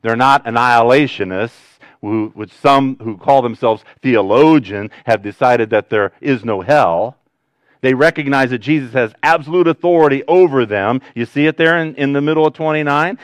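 A male pastor preaching a conversational sermon to his congregation, switching between loud, animated rises and quiet, low asides. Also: normal speed, smooth, dry recording.

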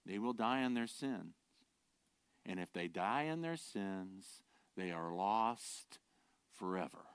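A pastor preaching a sermon, earnest and direct, shifting from quiet, low asides to loud, emphatic declarations and rhetorical questions. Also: male voice, animated, takes it slowly, clear, resonant tone, dry recording. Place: church.

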